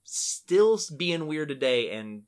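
A man co-hosting an educational podcast, enthusiastic and quick to laugh, often restarting his sentences. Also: a little high, sing-song. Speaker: podcast co-host. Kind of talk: casual educational chat.

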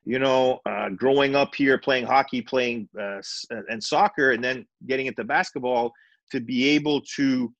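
Middle-aged guy, retired coach spinning lively stories, acts out the voices, dry close mic. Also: mid-range voice, normal speed, dry recording, muffled recording. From Montreal, Canada. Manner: animated, acts out dialogue in his stories. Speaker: retired basketball coach, guest. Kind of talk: storytelling in a podcast interview.

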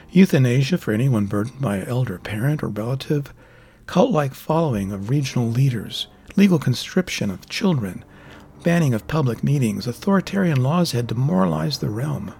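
A man giving steady, measured scripted narration of a fantasy novel. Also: mid-range voice, creaky, slightly rough. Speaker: audiobook narrator.

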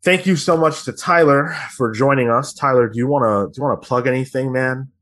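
A man's voice: medium pitch, a little fast, fairly bright tone. A man hosting a podcast, chatting casually and running through the show's plugs with plenty of fillers. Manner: rambling, filler-heavy, conversational. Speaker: podcast host.

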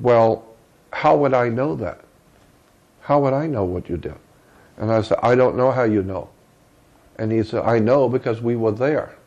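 An older man with a gravelly, mellow voice recounts a memory from his own life in an interview. He speaks earnestly and breaks off to repeat words as he searches for them. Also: mid-range voice, highs cut off. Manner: earnest, with halting repetitions. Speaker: interview guest. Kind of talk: first-person storytelling.

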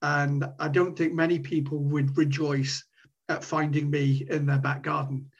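A middle-aged man telling a story over a tinny, phone-like line. His voice sits a little high, gravelly and husky. He talks casually, restarts his words often and swears now and then. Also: flat delivery, a little slow. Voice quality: frequent stammered restarts and swearing. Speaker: podcast guest.

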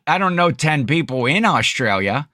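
A man's voice: fairly high pitch, big pitch swings, moderate pace, pushed and bright, dry recording. Chatty man podcaster, dry sound. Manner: chatty, laughs often, rambling restarts. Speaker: podcast co-host. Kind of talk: casual chat.

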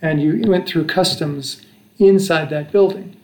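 Older american guy rambling through an old travel story, kinda high voice, echoey room. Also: unhurried, darkish tone. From United States. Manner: rambling, with frequent restarts and chuckles. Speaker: father telling travel stories. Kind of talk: casual anecdotal storytelling.

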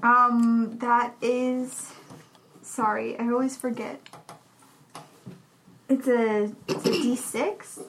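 A woman with a somewhat high voice plays a tabletop game. She is hesitant, asks about the rules and works out her rolls aloud over a faint hiss. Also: fairly even intonation, extremely slow, pauses often, a bit bright. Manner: unsure, asking about the rules. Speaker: player. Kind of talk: casual tabletop game play.

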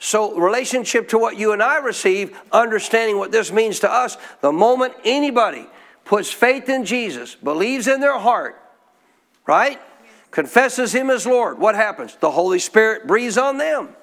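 A man's voice: high voice, expressive, normal speed, fairly bright tone. A man preaching a sermon in a church, putting questions to the congregation and drawing answers back in call-and-response. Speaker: pastor.

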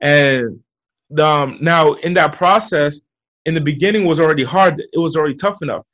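A man giving motivational advice as a podcast guest, talking in an energetic coaching way with frequent repeats. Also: fairly high pitch, moderate pace. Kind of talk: motivational interview talk. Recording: muffled lo-fi audio.

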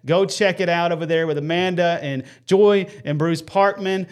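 A man's voice: sits high, steady tone, moderate pace, clean tone. A man hosting a Christian live show with his wife, talking earnestly and greeting viewers by name. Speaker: host of a Christian web show. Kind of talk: casual faith talk and viewer shout-outs.

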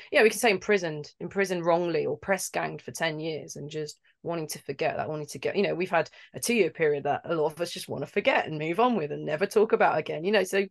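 Animated, rambling woman from London, lowish voice. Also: creaky. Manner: animated, rambling, laughing between thoughts. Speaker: video game actor guest. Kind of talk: casual interview chat.

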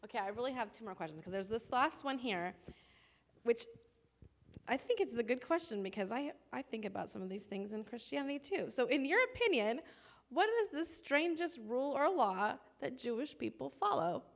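A woman's voice: on the high side, animated, moderate pace, creaky. A woman asking a guest friendly, curious questions in front of a church group. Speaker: interviewer.

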